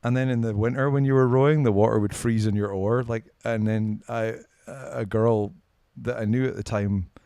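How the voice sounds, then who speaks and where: A man's voice: medium pitch, steady tone, moderate pace, hardly any pauses, mellow, dry recording, studio quality. A man with a Scottish accent, a podcast guest telling stories in casual chat, swearing and self-mocking. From Scotland. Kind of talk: casual storytelling.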